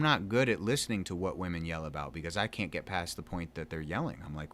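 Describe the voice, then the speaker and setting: A man's voice: low-pitched, expressive, fast talker, few pauses, fairly bright tone, slight background noise. A man around thirty, chatting loosely and poking fun at himself while he plays a game at home. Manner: loose, chatty, self-mocking, plenty of fillers. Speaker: gaming vlogger. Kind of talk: casual rambling chat while gaming.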